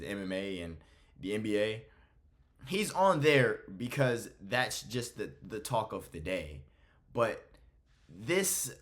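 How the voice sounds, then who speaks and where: A man's voice: lowish voice, fairly bright tone. Blunt, exasperated man reacting to clips. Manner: blunt and exasperated, swears freely. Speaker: MMA commentary host. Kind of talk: casual reaction commentary.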